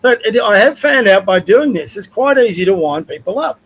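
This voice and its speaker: A man's voice: sits high, animated, moderate pace, fairly bright tone, breathy edge, poor audio. An older Australian man hosting a livestream, giving blunt, conversational opinions in a casual rant. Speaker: livestream host.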